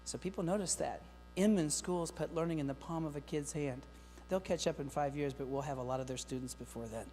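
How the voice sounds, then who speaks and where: A middle-aged man giving a lively, joking keynote talk to teachers, speaking straight to the audience. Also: a little high, brisk, few pauses, soft background music. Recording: long hall reverb with faint mains hum.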